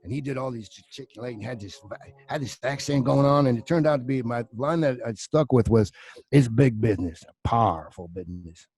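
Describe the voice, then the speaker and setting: A middle-aged actor guest telling profane, animated anecdotes in a casual podcast chat, slipping into quoted voices. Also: male voice, medium pitch, a little fast, hardly any pauses, no room sound.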